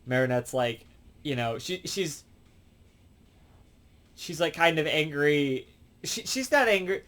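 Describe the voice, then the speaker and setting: A man's voice: fairly high pitch, lively intonation, slow, a bit bright. A man giving a casual, rambling review and plot recap, with lots of fillers and restarts. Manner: rambling, full of fillers and self-corrections. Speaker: show reviewer.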